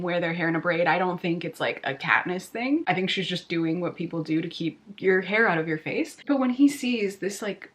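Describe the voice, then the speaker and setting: A woman talking to camera in a casual book reaction vlog, chatty and expressive. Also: fairly low pitch. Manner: chatty and expressive, with lots of fillers. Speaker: book vlogger.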